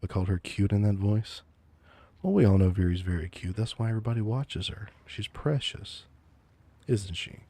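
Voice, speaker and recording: A man murmurs in a whispered role-play, right up against a close mic. His voice sits very low and dark, mellow rather than bright. He teases in a calm, mock-menacing way. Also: brisk, vocal fry. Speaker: VTuber streamer.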